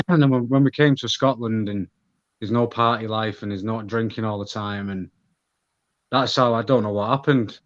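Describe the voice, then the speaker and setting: A man's voice: fairly low pitch, moderate pace. A man in his thirties with a Manchester accent, a guest talking candidly on a podcast, with lots of restarts. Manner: candid, rambling, many restarts. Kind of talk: casual podcast conversation. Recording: slightly dull lo-fi audio.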